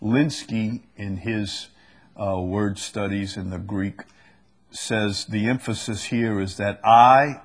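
A man's voice: lowish voice, steady tone, takes it slowly. A man preaching a sermon and reading scripture aloud, earnest and rising to emphasis on the verses.

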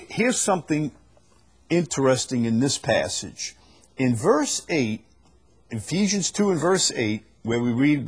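A man preaching a sermon at a slow, deliberate pace, his voice slightly husky. He teaches verse by verse and repeats his key phrases for emphasis. His pitch sits in an ordinary middle range. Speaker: pastor.

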